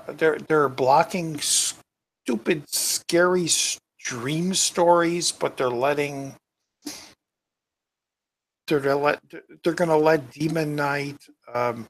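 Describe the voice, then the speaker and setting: A man's voice: fairly high pitch, vocal fry. A tired man hosting his own channel, chatting casually and reading viewer comments aloud in a rambling, muttering way. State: tired, yawning. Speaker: YouTube channel host. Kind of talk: casual live-stream chat.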